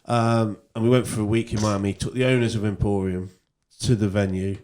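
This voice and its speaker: A man speaks in a low, mellow voice while he talks through old club nights as a radio guest. His storytelling is loose and rambling, full of asides and restarts. The chat sounds easy and unhurried. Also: steady tone, a little hiss or hum. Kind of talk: casual radio interview. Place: radio studio.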